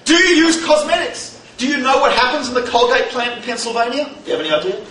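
Brief: male lecturer, very high, bright voice, animated with rhetorical questions, recorded from far off in an echoey hall. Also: fast. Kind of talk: humorous lecture to a live audience. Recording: echoey hall, distant mic, faint noise.

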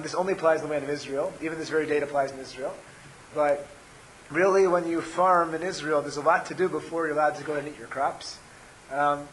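A man with a scratchy, hoarse voice giving a religious class, explaining step by step with frequent ums and restarts. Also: fairly high pitch, fairly bright tone. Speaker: Torah teacher.

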